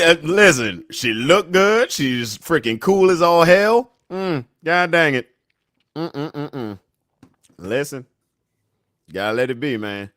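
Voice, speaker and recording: A man's voice: fairly high pitch, a bit bright, no room sound, studio quality. A man from Washington, D.C. hosting a casual livestream, reading chat comments aloud and laughing often.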